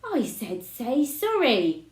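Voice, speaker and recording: A short-tempered rich father who snaps out stern orders, as a woman reading a storybook puts him on. The tone is mellow and dark, and the voice rises and falls freely. It sounds like a roomy space. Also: medium pitch, big pitch swings, normal speed. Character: short-tempered billionaire dad. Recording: roomy echo.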